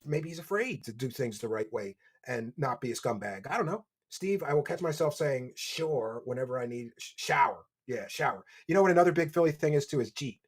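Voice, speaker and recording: A man with a Philadelphia accent hosting a livestream, reading donations and mocking his subject with loud bursts. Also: medium pitch, lively intonation, a little fast, hardly any pauses, husky. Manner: mocking, loud bursts, reads chat aloud. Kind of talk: casual livestream commentary. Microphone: desk microphone.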